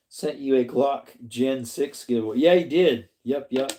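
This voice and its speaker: A middle-aged man hosting a relaxed livestream, with a dark, mellow tone. He rambles along in an easygoing way, laughs often and greets his chatters by name. His pitch sits in an ordinary middle range. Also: unhurried, few pauses. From Arizona. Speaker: livestream host reading chat. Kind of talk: casual livestream chat.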